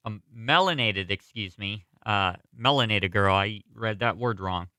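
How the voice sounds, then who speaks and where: A man hosting a morning radio show, reading a story aloud at a steady pace and now and then correcting himself. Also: fairly low pitch, a little slow, hardly any pauses, no echo. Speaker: radio host. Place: college radio studio. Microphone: studio microphone.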